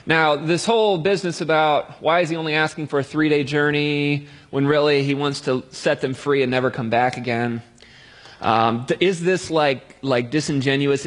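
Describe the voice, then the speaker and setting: A man's voice: mid-range voice, in a large hall. A man preaching a sermon in a conversational way, with jokey everyday analogies.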